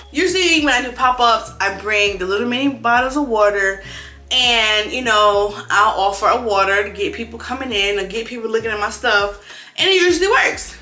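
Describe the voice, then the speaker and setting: A young woman running her own clothing brand, telling a casual vlog story in an animated way, swearing freely and acting out her own frustrated thoughts. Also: on the high side, reverberant. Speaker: clothing brand owner vlogging.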